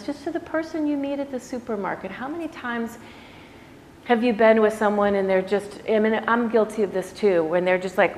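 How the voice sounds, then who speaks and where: Reflective woman teacher in an echoey studio. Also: mid-range voice. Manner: warm reflective conversational, many "you know"s. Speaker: yoga teacher. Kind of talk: casual talk to a class. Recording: echoey room with faint background noise.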